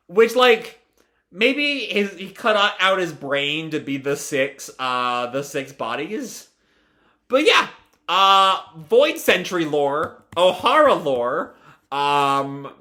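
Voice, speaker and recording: A man's voice: on the high side, sharp tone. A man casually recapping a comic chapter in a live reaction video, talking with many fillers and restarts. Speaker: video creator.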